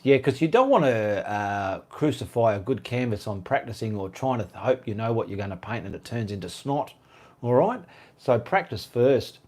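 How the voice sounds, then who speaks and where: A man's voice: medium pitch, expressive, moderate pace, darkish tone, husky. An Australian man hosting a casual live-stream Q&A, chatting and reading viewer comments aloud in a rambling way.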